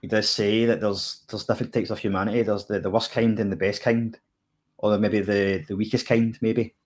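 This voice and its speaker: A Scottish man with a somewhat low voice talks through a TV episode in casual chat. He rambles, circling back and leaning on fillers as he goes. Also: little pitch movement, moderate pace. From Scotland. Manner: rambling, filler-heavy, lots of "kinda" and "like". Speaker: podcast co-host reviewing TV.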